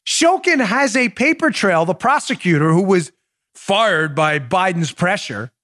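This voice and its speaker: Very high-pitched and a bit bright, this man's voice carries emphatic, opinionated political talk show commentary. He fires off rhetorical questions, restarts sentences, and speaks straight to his audience, calling them "folks."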